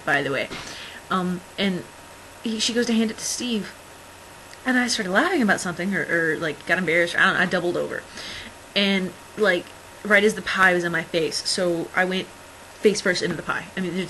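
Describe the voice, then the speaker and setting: A woman's voice: on the low side, sharp tone, slight background noise, poor audio. A young woman vlogging in casual chat, rambling through stories with lots of fillers and wry, exasperated asides. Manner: rambling, filler-heavy storytelling.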